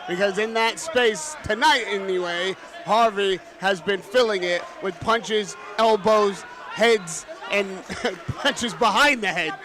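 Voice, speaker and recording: A man's voice: high voice, slow, crowd noise. A man giving emphatic, analytical live commentary on a boxing match. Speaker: boxing pundit.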